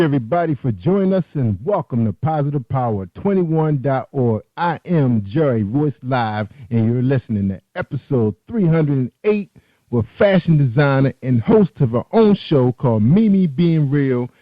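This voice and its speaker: A man's voice: mid-range voice, lively intonation, normal speed, dry recording. Man, radio host, loose chatty talk, phone-line sound, dry. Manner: loose, chatty delivery with self-corrections. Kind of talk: online radio interview.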